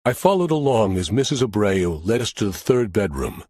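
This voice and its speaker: A man giving an expressive, first-person audiobook narration of a crime thriller. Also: fairly low pitch, moderate pace, dry recording, clean studio sound.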